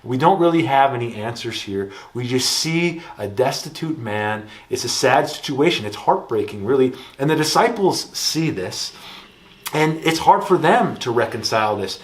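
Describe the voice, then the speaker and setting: A man in his thirties with an Upper Midwest American accent, preaching a campus ministry sermon in a relaxed storytelling way. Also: medium pitch, moderate pace. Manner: relaxed storytelling, lively when telling anecdotes.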